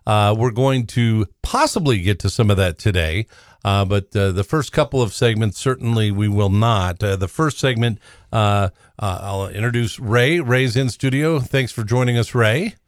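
Male radio host, low voice, dry studio sound, lots of "uh" fillers, relaxed live delivery. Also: no room sound. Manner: halting, many "uh" fillers. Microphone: studio microphone.

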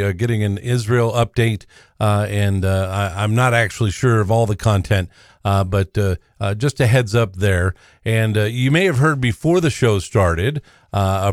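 A man hosting a live talk radio show, speaking in a halting way with many fillers. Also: fairly low pitch, no echo, clean studio sound. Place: radio studio. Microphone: studio microphone.

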